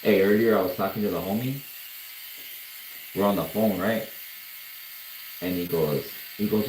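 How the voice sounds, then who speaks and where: A man's voice: low-pitched, normal speed, pauses often, darkish tone, reverberant, slight background noise, poor audio. A man who is a tattoo artist, telling stories on a livestream in a laid-back, slangy, swearing way. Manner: laid-back, slangy, swearing, laughing at his own story. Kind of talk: casual livestream storytelling. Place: tattoo studio during a live session.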